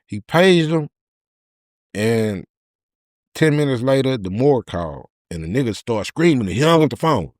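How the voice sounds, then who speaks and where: A man, a podcast guest telling a candid personal story in an emotional, halting way with many repeated words. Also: mid-range voice, sing-song, darkish tone, dry recording, studio quality.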